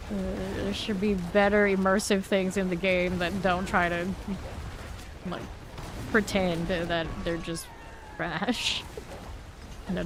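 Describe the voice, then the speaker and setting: A woman's voice: medium pitch, background noise. A woman streaming a game and chatting casually, rambling and saying "like" a lot. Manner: chatty and rambling, heavy use of "like". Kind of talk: casual gameplay chat.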